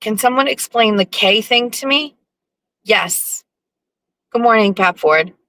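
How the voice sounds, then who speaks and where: A woman hosting her own show, telling a profane, animated story with sarcastic asides in a casual live-stream monologue. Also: fairly high pitch, a little slow, no echo, rough recording. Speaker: show host.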